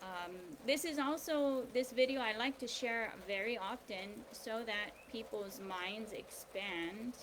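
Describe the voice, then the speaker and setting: A woman hosting a daily video series, talking casually and hesitantly about law and spirituality, with many pauses and ums. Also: a little high. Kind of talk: casual spiritual and legal talk. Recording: outdoor ambience with rain noise. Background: rain, birds.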